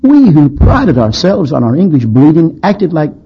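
A man voicing a contrite, well-bred young English gentleman who speaks formally and apologizes, within a sermon. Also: a little high, big pitch swings, normal speed, breathy edge, highs cut off, voice pushed up, full character voice.

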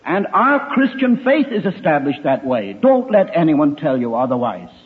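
A man's voice: a little high, big pitch swings, moderate pace, a little hiss or hum. An older man giving an emphatic evangelistic talk to young people, full of wry rhetorical questions. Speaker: speaker addressing young people. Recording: tinny phone-like recording.

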